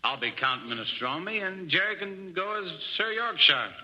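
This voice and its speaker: A man hosting and playing straight man in a 1940s radio comedy sketch, smooth and easygoing. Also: high voice, sing-song, moderate pace, pushed and bright. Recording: dull, hissy 1940s radio transcription.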